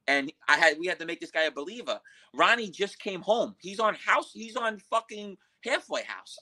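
Blunt, bright-voiced New man. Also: high-pitched, low-quality recording. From Queens, New York. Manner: blunt street talk, profane. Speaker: podcast guest. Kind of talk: storytelling interview.

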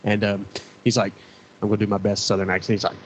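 A man's voice: on the low side, little pitch movement, fast talker, a little hiss or hum. A man chatting on a casual podcast in a laid-back, hesitant way, full of likes and uhs. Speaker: podcast guest.

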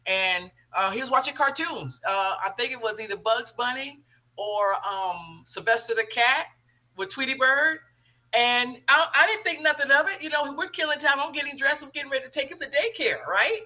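A middle-aged woman hosts a talk show and tells a family story. Her voice is bright and forceful. She acts out each quoted line as she goes. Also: high voice, moderate pace. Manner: animated storytelling, acting out quoted dialogue.

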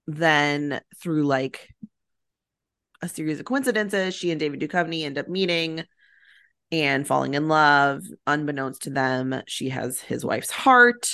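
A woman's voice: deep voice, slow, a bit bright, smooth, no echo, studio quality. A woman co-hosting a casual podcast, recapping a movie in a chatty way with lots of fillers. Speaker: podcast co-host.

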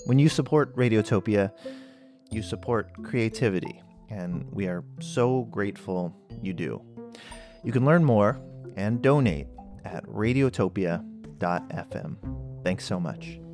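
Male host, low voice, measured deadpan delivery, guitar music underneath. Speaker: podcast host. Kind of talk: deadpan interview and scripted fundraising appeal.

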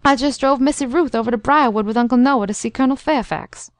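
A woman's voice: high voice, quick pace, no echo, voice pushed up, lightly acted. Casting: woman doing an old male coachman confessing sheepishly in an audiobook, dry sound. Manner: apologetic.

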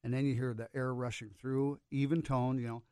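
Fast-talking man explaining a duck call. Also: mid-range voice, flat delivery, warm tone, smooth, no room sound, studio quality. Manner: explanatory, walks through the sound step by step. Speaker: duck call expert guest. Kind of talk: casual radio talk, explaining a demonstration.

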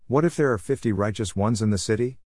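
A man's voice: fairly low pitch, fast talker, darkish tone, dry recording, clean studio sound, lightly acted. A man reading as a humble old patriarch. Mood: pleading. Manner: humble, persistent bargaining. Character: elderly male patriarch pleading.

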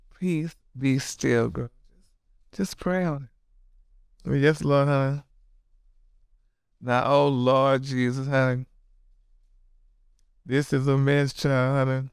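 A man's voice: mid-range voice, steady tone, slow pace, long pauses, clean tone, no echo, clean studio sound. A man hosting celebrity gossip in a sassy, dramatic way, calling everyone honey and girl. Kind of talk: casual gossip commentary.

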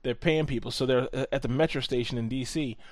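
A man's voice: mid-range voice, steady tone, fast, dry recording, clean studio sound. A man co-hosting a podcast in casual chat, talking in a profane, sarcastic, ranting way. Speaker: podcast co-host.

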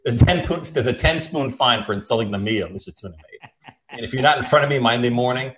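A man's voice: medium pitch, quick pace, a bit bright, pitched above the performer's own voice, close to an everyday voice. A man voicing a tough, crooked 1930s police lieutenant who talks in hard-boiled slang. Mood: gloating.

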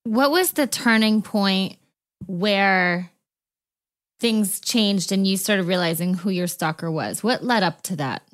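Slow-spoken woman interviewer. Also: medium pitch. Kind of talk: interview questions.

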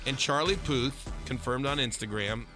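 A man's voice: mid-range voice, normal speed, over music. A man co-hosting a radio show, reading celebrity news with sarcastic asides. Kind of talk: morning radio banter.

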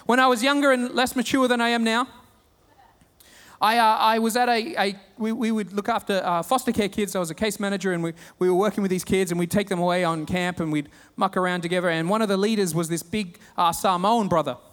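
A man with an Australian accent preaching a sermon, telling stories with humor and animated retellings. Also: sits high, fast, big-room sound. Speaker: pastor.

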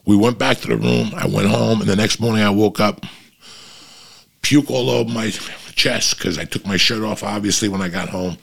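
A man's voice: lowish voice, moderate pace, creaky, slightly rough. A middle-aged man hosting a podcast, telling long profane rambling stories to his listeners. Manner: profane, rambling, animated anecdotes. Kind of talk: casual rambling storytelling.

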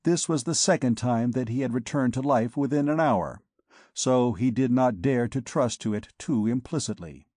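A man narrating a classic novel in a measured audiobook reading. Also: medium pitch, mellow, dry recording, studio quality. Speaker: audiobook reader. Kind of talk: scripted narration.

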